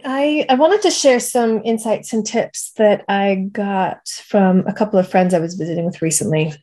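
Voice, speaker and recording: A woman of middle pitch talks in a relaxed panel discussion. She reflects on parenting and shares her own experiences thoughtfully. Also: moderate pace. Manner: thoughtful, sharing personal parenting stories. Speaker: podcast co-host.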